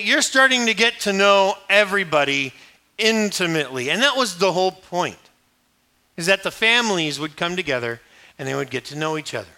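Guy preaching, kinda high voice, super bright and sharp, jokey storyteller vibe. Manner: animated, joking storyteller who acts out quoted voices. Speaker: pastor. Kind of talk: sermon.

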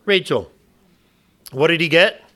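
A man's voice: fairly high pitch, expressive, measured pace, pushed and bright. A man preaching a sermon, emphatic and questioning the congregation, often restarting and repeating words.

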